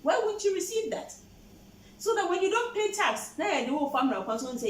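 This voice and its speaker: A woman's voice: very high voice, very animated, moderate pace, roomy sound, distant mic, slight background noise, low-quality recording. Passionate Ghanaian woman host. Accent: Ghanaian English. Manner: passionate, mixing English and Twi. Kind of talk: explaining the law to viewers.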